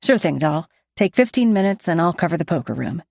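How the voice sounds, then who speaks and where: A woman voicing a friendly male bartender who talks quickly. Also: fairly low pitch, big pitch swings, creaky, a little mellow, no echo, clean studio sound, heavily acted.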